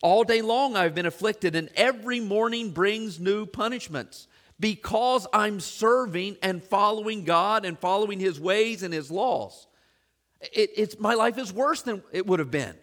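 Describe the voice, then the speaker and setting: A man's voice: high voice, measured pace, a bit bright. A man preaching as a church pastor, earnest and questioning, piling up long lists and repeating his questions to the congregation. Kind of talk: sermon.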